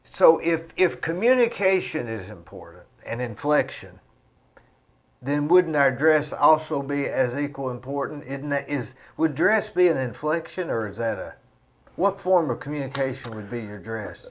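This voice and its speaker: A man's voice: medium pitch, animated, normal speed. A man hosting a studio talk show, asking his guest curious questions in a casual way. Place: recording studio.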